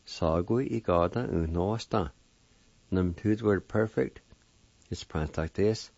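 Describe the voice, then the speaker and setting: A man's voice: low-pitched, unhurried, warm tone, no room sound, muffled recording. A man teaching a pronunciation lesson, sounding out each word syllable by syllable. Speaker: language teacher.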